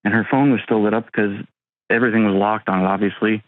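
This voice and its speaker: A man in his thirties calling an advice show, talking haltingly with many pauses and ums. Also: lowish voice, fairly even intonation, no room sound. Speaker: caller. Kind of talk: call-in advice talk. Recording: tinny phone line.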